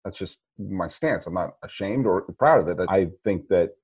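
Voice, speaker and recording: A man hosting a sports podcast, talking through a film in a rambling, animated way with many restarts. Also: deep voice, moderate pace, husky, lo-fi sound. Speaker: podcast host. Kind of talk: casual movie chat.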